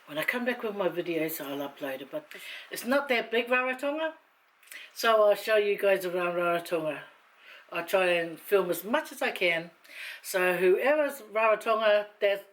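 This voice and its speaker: A woman's voice: mid-range voice, fairly bright tone. Chatty woman vlogger. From Samoa. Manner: chatty, rambling, self-mocking, emotional. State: teary after crying. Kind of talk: casual chat to camera.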